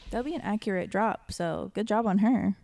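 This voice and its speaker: A woman's voice: mid-range voice, moderate pace, creaky, darkish tone, no room sound, studio quality. A woman co-hosting a podcast, chatting playfully with frequent giggles. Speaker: podcast co-host. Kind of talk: casual chat.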